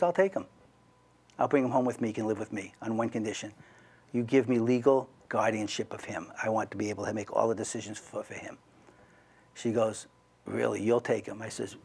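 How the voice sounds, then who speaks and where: A man's voice: medium pitch, gravelly. A middle-aged man telling a personal story in casual talk, rambling with restarts and asides to the listener.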